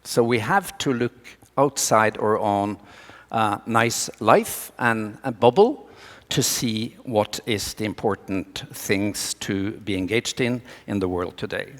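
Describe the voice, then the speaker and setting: A man's voice: lowish voice, slow pace, fairly bright tone, long reverb tail. A middle-aged man from Norway with a Norwegian accent, giving a talk to students with slides, earnest and rousing with wry jokes.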